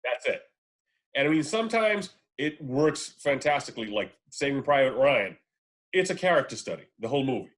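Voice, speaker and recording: A man's voice: mid-range voice, big pitch swings, normal speed. A man co-hosting a casual film podcast, giving his opinions in a rambling way, full of fillers and restarts. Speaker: podcast co-host. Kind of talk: casual podcast chat about films.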